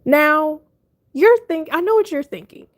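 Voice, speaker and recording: A young woman livestreaming, telling a funny story to her chat in a casual, animated way, laughing often and acting out her panic. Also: high-pitched, measured pace. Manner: animated, laughing, dramatic retelling.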